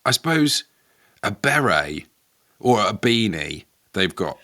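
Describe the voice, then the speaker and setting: A man's voice: on the low side, big pitch swings, slow pace, sharp tone. A man co-hosting a podcast in casual, dry, playful banter. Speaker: podcast co-host. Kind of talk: casual comedic chat.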